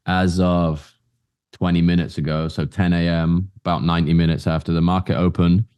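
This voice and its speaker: A man's voice: low-pitched, little pitch movement, moderate pace, a little mellow, smooth, no echo. A man co-hosting a casual podcast chat, talking loosely and informally, hedging with "like" and "I think". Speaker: podcast co-host.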